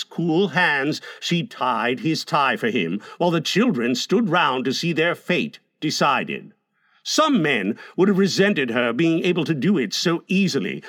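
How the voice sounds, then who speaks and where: A man reads a classic novel aloud with expressive storytelling. His voice sits a little high and moves about freely. The sound is close and dry. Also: dry recording. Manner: expressive, storytelling with lively emphasis. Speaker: narrator. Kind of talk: audiobook narration of a classic novel.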